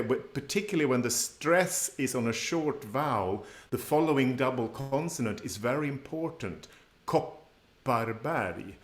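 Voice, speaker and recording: A man's voice: mid-range voice, roomy sound. A man co-presenting a language class, explaining pronunciation methodically with some hesitation. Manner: explains methodically, many fillers and restarts.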